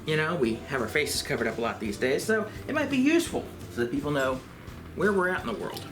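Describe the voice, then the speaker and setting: A man giving a calm, step-by-step craft tutorial for a library. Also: on the high side.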